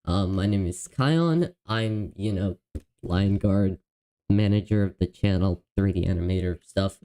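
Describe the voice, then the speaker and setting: A man hosting a live stream in casual chat, excitable and apologetic, often stumbling over his words and laughing. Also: low-pitched, a little slow, clear, resonant tone, low-quality recording. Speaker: livestream host.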